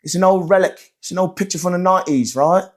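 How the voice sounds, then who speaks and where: A man's voice: sits high, fast talker, pitched above the performer's own voice, close to an everyday voice. A sentimental young British royal, as a comedian imitates him in a put-on British accent. He talks in a raised, mock-earnest voice, as if dedicating a heartfelt tribute.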